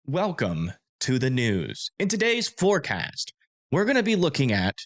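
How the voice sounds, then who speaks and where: A man's voice: medium pitch, wildly swooping pitch. A man putting on a stiff British TV weatherman. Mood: pompous. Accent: put-on British. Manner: slow, stagey, uptight newsreader delivery. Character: stiff mock British male TV weather anchor.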